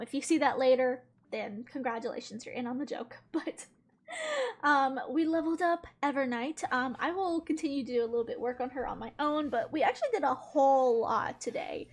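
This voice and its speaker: Giggly high-voiced woman streamer. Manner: giggly, chatty, laughs often. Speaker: game streamer. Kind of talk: casual live-stream chat.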